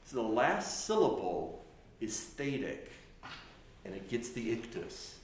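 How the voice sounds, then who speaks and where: Brief: male teacher lecturing a class, halting and explanatory, mid-pitched voice, very reverberant room with faint hiss. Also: very animated. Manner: explanatory, halting with restarts, demonstrates phrases by singing and speaking. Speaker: chant teacher. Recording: very echoey room with faint noise.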